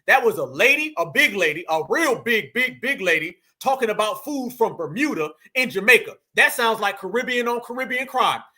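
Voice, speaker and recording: American male commentary host with a very high, piercingly bright voice; emphatic, repeats himself, calls his viewers fam. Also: lively intonation, normal speed, few pauses. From United States. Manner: emphatic, repeats phrases, addresses the audience as fam. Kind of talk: casual reaction commentary.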